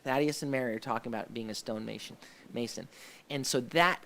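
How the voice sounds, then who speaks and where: Gravelly-voiced man hosting a chat. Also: medium pitch, fast, pushed and bright, a little hiss or hum. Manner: hesitant, many restarts and fillers; enthusiastic about the scenes he describes. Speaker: host of a faith discussion show. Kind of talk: casual live discussion.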